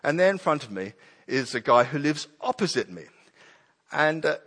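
Animated preacher in a hall. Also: male voice, a little high, moderate pace. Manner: animated, acts out prayers and children's voices. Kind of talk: sermon.

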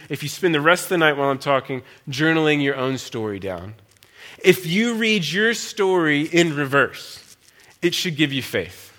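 A man's voice: on the high side, a bit bright. A man preaching as a guest speaker, earnest and challenging, asking his listeners many questions. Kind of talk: sermon.

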